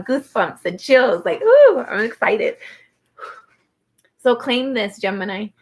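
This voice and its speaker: A woman giving a live-streamed tarot reading in a chatty, heartfelt way, often saying "like" and speaking to viewers by name and star sign. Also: mid-range voice. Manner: chatty, heartfelt, fills speech with "like". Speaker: tarot reader.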